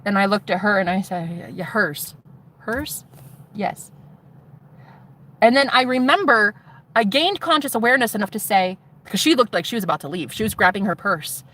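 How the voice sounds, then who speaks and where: A young woman telling a personal story to her viewers in an animated, swearing way, acting out what others said. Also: mid-range voice, quick pace, rough recording. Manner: animated, swearing, acts out quotes. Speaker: vlogger. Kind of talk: storytelling testimony.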